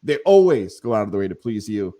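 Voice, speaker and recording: A man co-hosting a casual sports podcast, telling jokey stories in an animated way. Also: lowish voice, fairly quick. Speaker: co-host.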